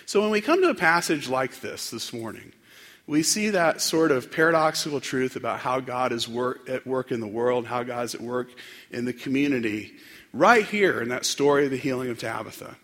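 Pastor, male, sermon in church; husky, reflective, lots of ums, long reverb. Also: medium pitch, expressive, a bit bright. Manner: reflective, unhurried, with frequent fillers and restarts. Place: church sanctuary.

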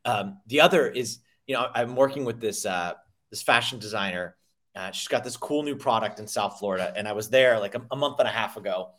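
A man's voice: on the low side, brisk. A man being interviewed as a sales coach, talking energetically and telling stories, often repeating himself and acting out quoted people. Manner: energetic, repeats words and restarts, quotes people in lively voices. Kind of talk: conversational interview storytelling.

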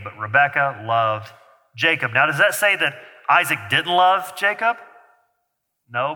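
Man, pastor, conversational sermon, teases kids in the room, ringing bright tone. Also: mid-range voice. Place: church sanctuary. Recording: hall reverb.

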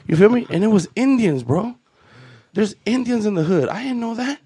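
A man tells a stand-up story in a high register. He swears freely and drops street slang. He sounds like a man in his thirties. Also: animated, fast, a little mellow, breathy edge, dry recording, clean studio sound. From Los Angeles. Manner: profane, storytelling, Chicano slang. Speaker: stand-up comedian. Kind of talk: stand-up set.

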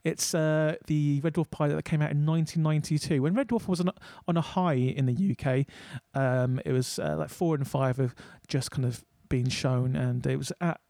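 A man co-hosts a podcast, talking casually with a mellow, darker voice. He jokes a lot and often trips over and restarts his sentences. The recording is dry and close. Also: on the high side, steady tone, normal speed, hardly any pauses, dry recording. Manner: chatty, stumbling restarts, jokey. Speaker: podcast co-host. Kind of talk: casual chat.

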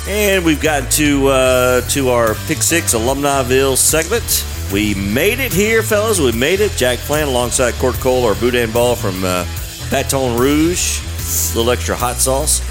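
A man's voice: medium pitch, lively intonation, normal speed, music in the background. A man hosting a college football radio show in an upbeat way, leading into segments. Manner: upbeat, reads ads and segment intros. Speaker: host.

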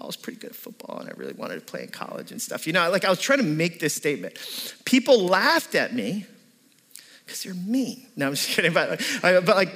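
Guy preaching in a church hall, chatty and loose, kinda high voice, long echo. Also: a bit bright, husky. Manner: conversational, lots of "like" and "right?". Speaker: pastor. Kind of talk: sermon.

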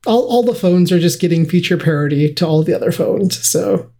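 A man co-hosting a casual podcast, speaking haltingly with many restarts. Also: high-pitched, creaky, mellow. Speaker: podcast co-host.

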